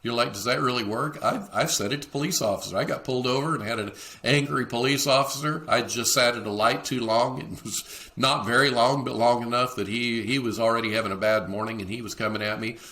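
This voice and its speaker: Bright-voiced man hosting a leadership podcast. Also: medium pitch, a little fast, few pauses. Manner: acts out quoted dialogue in shifting voices. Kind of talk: solo podcast teaching talk.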